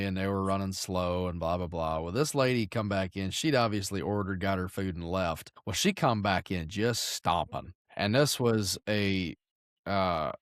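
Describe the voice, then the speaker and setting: A man's voice: on the low side, a bit bright, no echo, clean studio sound. A man co-hosting a podcast, telling stories with crude jokes. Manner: crude, joking banter. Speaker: podcast co-host. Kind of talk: casual chat.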